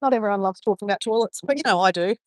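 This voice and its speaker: A woman's voice: mid-range voice, racing, no room sound, clean studio sound. A woman chatting to her live-stream viewers as she walks along a beach, rambling and greeting people by name. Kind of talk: casual live-stream chat. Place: outdoors on a beach.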